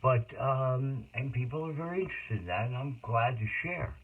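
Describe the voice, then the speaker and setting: A man's voice: medium pitch, normal speed, slightly rough. A middle-aged man telling his life story in a rambling monologue that jumps between tangents. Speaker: autobiographical monologue speaker. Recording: tinny phone-like audio.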